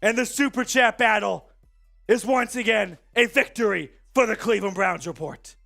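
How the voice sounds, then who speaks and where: A man hosting a live sports stream, excitedly shouting as he reads out viewer super chats. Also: high voice, moderate pace, vocal fry, soft background music. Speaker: sports show host.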